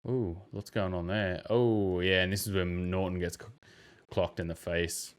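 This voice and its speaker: A young man with a very low voice hosts a casual basketball podcast. He reviews game clips, animated and full of exclamations. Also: a little slow, clean tone. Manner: animated, bursts into loud mimicry and exclamations. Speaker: podcast host.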